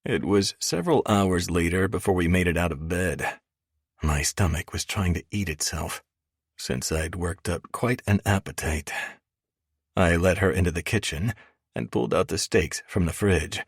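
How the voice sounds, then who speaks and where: A man narrating a romance audiobook in first person, deep and gravelly, with an even, steady reading. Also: normal speed, no echo, studio quality.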